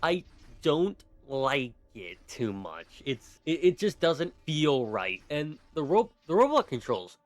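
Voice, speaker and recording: A man's voice: a little high, sing-song, slow, hardly any pauses, no room sound, faint music behind. A man rambling through gripes in a game review, exasperated and complaining. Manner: exasperated, griping. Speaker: gaming video commentator.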